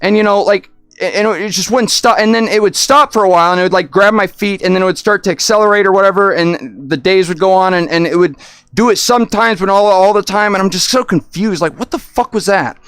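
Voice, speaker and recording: A man chatting casually on a livestream, rambling and excitable, often restarting his sentences. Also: high voice, fairly quick, smooth, no echo.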